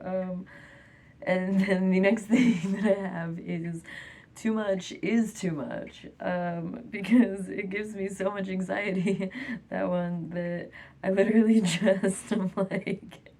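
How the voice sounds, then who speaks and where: A woman's voice: lowish voice, a little mellow. A young woman in a nervous, rambling vlog monologue, giggling often and filling her talk with "like" and "um". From France.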